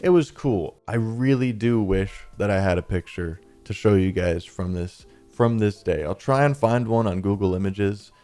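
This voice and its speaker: A man with a fairly low voice tells a personal story in casual storytime narration, relaxed and chatty, often saying "dude" and "listen". His delivery rises and falls as he relives the moments. Faint music plays underneath. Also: normal speed, few pauses. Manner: laid-back and chatty, peppered with 'dude' and 'listen'; lively retelling with rises and drops in pitch and volume. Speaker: storytime YouTuber.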